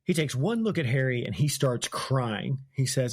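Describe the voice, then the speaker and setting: A man's voice: mid-range voice, animated, normal speed, no room sound. Chatty laughing man on a dry mic. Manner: chatty, laughs often, retells scenes. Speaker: podcast host. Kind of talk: casual book-discussion podcast chat.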